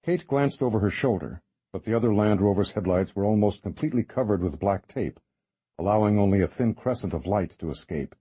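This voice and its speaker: Deep, husky male narrator. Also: expressive, a little fast, mellow, no room sound. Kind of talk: scripted audiobook narration.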